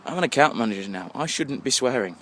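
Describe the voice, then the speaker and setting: A man's voice: medium pitch, expressive, quick pace, sharp tone. A young English man in his twenties, a bit tipsy, rambling and swearing constantly while walking home at night and talking into his phone. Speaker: vlogger. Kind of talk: casual rambling monologue. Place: outdoors on a street at night, walking. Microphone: phone held while walking. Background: faint passing traffic.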